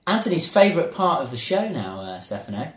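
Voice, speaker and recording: A man's voice: fairly high pitch, sing-song, a little fast, reverberant. A man hosting a casual podcast, joking and explaining phrases word by word. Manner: playful, punning, explains word by word. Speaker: podcast host. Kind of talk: casual chat and phrase teaching.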